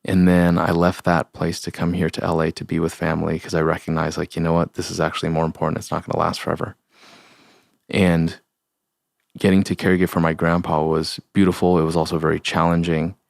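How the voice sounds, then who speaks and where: A young man with a deep voice and a gravelly edge speaks as a podcast host, earnest and heartfelt. He talks in a halting way. The sound is dry, with no room around it. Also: monotone, no echo. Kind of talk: solo reflective podcast talk.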